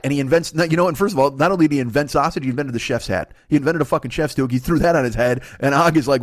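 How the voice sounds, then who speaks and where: A man in his forties hosting a comedy podcast, riffing through a profane, excitable monologue. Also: fairly high pitch, very fast, few pauses, dry recording, studio quality. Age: 40s.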